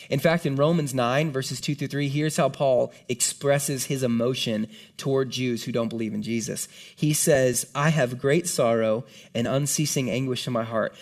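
A man preaching a sermon to a congregation in an earnest, conversational way, with quick asides and acted-out quotes. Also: mid-range voice. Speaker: pastor. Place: church hall before a congregation.

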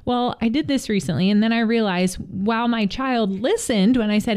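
A woman's voice: on the high side, moderate pace, a little mellow, clear, resonant tone. A woman co-hosting a faith-based morning conversation, telling a story in an earnest, reflective way. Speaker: co-host.

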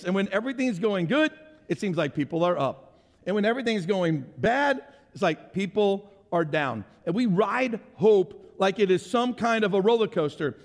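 Male pastor, high voice, lively conversational sermon delivery in a reverberant church hall. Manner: animated, conversational preaching with sound effects and audience questions.

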